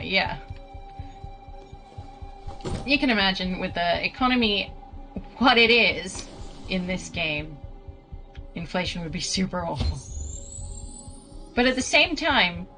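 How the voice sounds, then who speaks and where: A woman's voice: medium pitch, pushed and bright, low-quality recording. A British woman streaming a video game, chatting with her viewers in a rambling, giggly way and laughing often. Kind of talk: casual gameplay commentary chatting with viewers. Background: game music.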